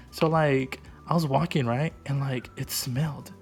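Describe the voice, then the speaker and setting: A man's voice: on the high side, fairly quick, few pauses, faint music behind. A man doing an improvised comic voice-over, rambling and goofy, packing his talk with "like" and "right?". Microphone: voice-over mic.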